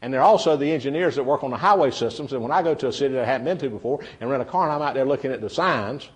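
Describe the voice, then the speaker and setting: Brief: man, seminar speaker, folksy storyteller who chats with the audience, mid-pitched voice. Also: racing. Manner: folksy storyteller, chatty, addresses the audience directly. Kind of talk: humorous seminar talk to a live audience. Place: meeting room with a live audience.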